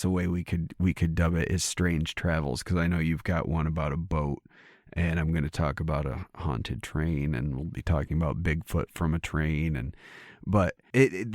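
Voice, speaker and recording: A middle-aged man co-hosting a podcast in casual chat, hoarse and gravelly from losing his voice, rambling and swearing casually. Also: sits low, a little mellow, no echo, clean studio sound. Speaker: podcast co-host. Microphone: studio microphone.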